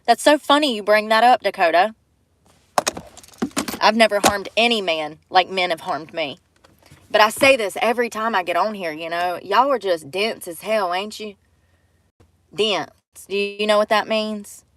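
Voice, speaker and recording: A woman's voice: medium pitch, moderate pace, noisy background. A woman hosting a casual livestream, talking bluntly to her chat, swearing freely and laughing often. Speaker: livestream host. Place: in a vehicle.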